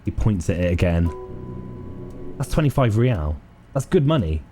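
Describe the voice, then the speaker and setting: A man reading game narration aloud during a playthrough, with a wry, expressive delivery. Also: lowish voice, moderate pace, faint music behind. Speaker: video game player and narrator.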